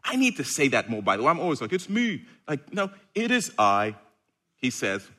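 A man preaching a sermon with a playful, animated delivery and sudden loud bursts. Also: mid-range voice, fast talker, breathy edge.

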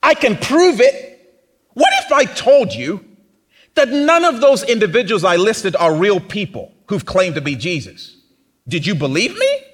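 Guy preaching a sermon, high voice that jumps all over, playful and conversational. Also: very animated, measured pace, fairly bright tone, slightly rough. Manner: conversational, teasing, acts out mock quotes.

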